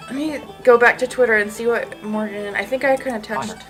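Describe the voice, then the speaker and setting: A woman's voice: on the high side, fairly even intonation, brisk, a bit bright, soft background music, low-quality recording. A woman hosting a casual solo podcast, sleepy and just out of bed, rambling with lots of "like" and frequent giggles. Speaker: podcast host.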